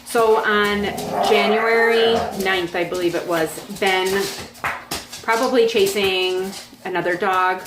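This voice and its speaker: A woman's voice: medium pitch, fairly even intonation, slow, reverberant, noisy background. A woman in her forties on a farm, chatting in a rambling, casual way with frequent fillers. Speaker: vlog host. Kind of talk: casual chat. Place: home on a farm.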